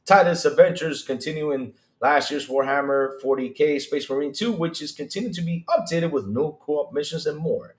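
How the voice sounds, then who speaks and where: A man hosting a casual gaming news livestream, reading articles and chatting with viewers in a slangy, excitable way. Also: fairly high pitch, normal speed, few pauses, echoey room. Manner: animated, reads chat aloud, slangy asides. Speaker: podcast host.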